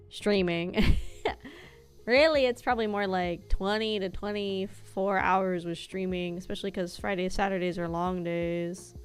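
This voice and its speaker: A young woman streamer who talks non-stop while gaming, loose and rambling, with a casual curse now and then. Her pitch sits in an ordinary middle range. Faint game music plays under her voice. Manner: chatty, rambling, casually profane.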